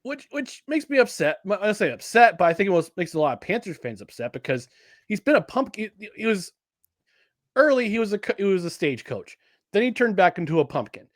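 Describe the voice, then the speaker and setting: A man co-hosting a sports podcast in casual chat, animated and jokey, often restarting his sentences. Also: high-pitched, fairly quick, no echo, studio quality. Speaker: podcast co-host.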